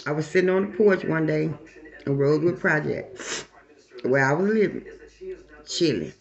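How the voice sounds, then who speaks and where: A woman's voice: low-pitched, normal speed, vocal fry. A middle-aged woman telling a personal story to listeners, blunt and profane, talking straight to the crowd. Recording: dull lo-fi recording.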